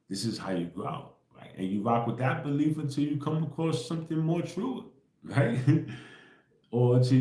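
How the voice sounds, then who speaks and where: A man's voice: lowish voice, mellow, reverberant. A man hosting a livestream, talking in a slangy, insistent way and tagging most points with a question. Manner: insistent, repetitive, keeps asking "right?"; slangy, profane, laughs between points. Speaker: livestream host. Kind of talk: casual spiritual rant.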